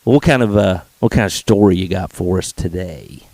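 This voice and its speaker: A man's voice: low voice, normal speed, warm tone, no echo. A man hosting a casual podcast, easygoing and prompting his co-host with questions.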